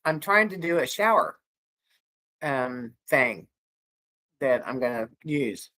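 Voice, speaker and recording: A woman's voice: a bass voice, animated, takes it slowly, fairly bright tone. A woman co-hosting a casual livestream, chatting with viewers in a rambling way and laughing often. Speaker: livestream co-host.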